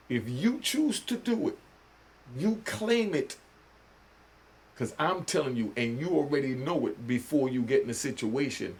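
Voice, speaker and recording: There's slight background noise behind this older New Yorker's creaky, mid-range voice. A vlogger, he offers laid-back commentary in preachy street slang and keeps asking "you know what I mean?"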